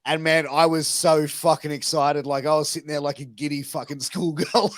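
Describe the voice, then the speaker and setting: A man's voice: a little high, steady tone, brisk, hardly any pauses, no echo. Man telling a story, dry mic. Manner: swearing, rambling anecdotes with acted quotes. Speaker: podcast host. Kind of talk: casual storytelling.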